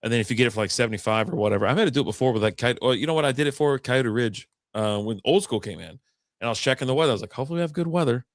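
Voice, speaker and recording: A man's voice: medium pitch, rapid-fire, no room sound, studio quality. A man co-hosting a casual live-stream show, rambling through stories and swearing freely. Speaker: podcast co-host.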